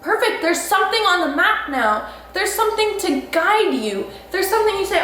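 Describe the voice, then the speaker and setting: A high-voiced woman gives a motivational talk on her own vlog. She is blunt and emphatic, swears freely and speaks straight to the listener. The room is very echoey, with a faint hiss of noise behind her. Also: animated, brisk, few pauses, a bit bright. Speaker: vlog host.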